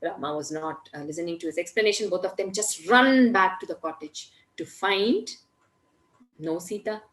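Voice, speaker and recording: A woman telling a story in a lively, conversational way, with many fillers and asides. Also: on the low side, moderate pace, roomy sound. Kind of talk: spoken storytelling.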